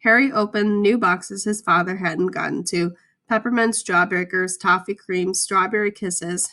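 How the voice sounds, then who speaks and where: A woman reading a children's story aloud, with clear, expressive storytelling. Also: mid-range voice, unhurried.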